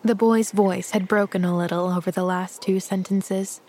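A woman narrating a children's classic as an audiobook, with gentle, measured storytelling. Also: mid-range voice, fairly even intonation, slight background noise.

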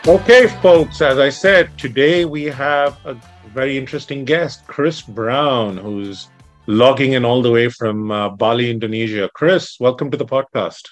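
Upbeat podcast host guy talking to his listeners, some soft guitar in the back. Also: mid-range voice, measured pace. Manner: upbeat, addresses listeners as folks. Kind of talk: podcast interview.

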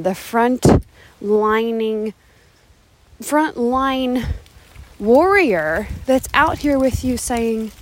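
A woman business coach hosting a motivational podcast, talking emphatically outdoors in the wind, holding her microphone with her hand cupped around it. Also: on the high side. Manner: enthusiastic, emphatic, repeats phrases for emphasis. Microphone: handheld mic with cupped hand.

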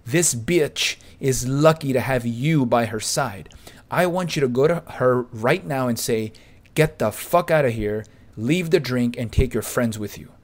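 A man voicing a brash pickup coach who gives gruff, profane orders. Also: mid-range voice, measured pace, close to an everyday voice. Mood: commanding.

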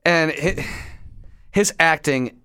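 Young male podcast co-host, high, smooth voice, dry close sound, exasperated rants. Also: slow, pushed and bright, dry recording. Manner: exasperated, ranting. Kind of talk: casual chat.

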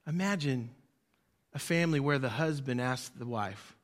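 A man preaching a sermon as pastor, swinging between loud emphasis and quiet drops, leading the congregation to repeat lines after him. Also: medium pitch, moderate pace. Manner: leads the congregation in call-and-response.

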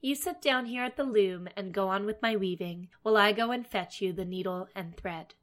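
A woman's voice: mid-range voice, moderate pace, close to an everyday voice. A woman voicing a wicked old witch in a storybook reading, sly and sweetly menacing.

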